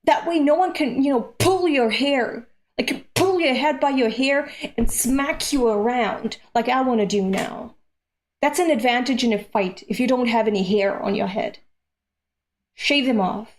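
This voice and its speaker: A woman from Europe hosts a live-stream read-along, talking slowly and unhurriedly. Her voice sits a little high. She reacts in animated bursts and swears freely. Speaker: streamer reading manga aloud.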